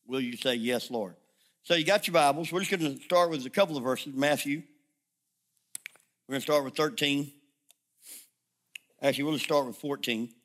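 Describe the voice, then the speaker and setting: A middle-aged male pastor delivers his sermon in a bright, ringing voice pitched a little high. He tells stories with animated humor and quick asides.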